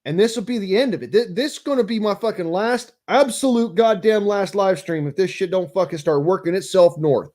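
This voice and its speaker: A man's voice: high-pitched, fairly quick, few pauses, a little mellow. A man ranting angrily and profanely on a live stream, bitter and heated. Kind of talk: angry live-stream rant.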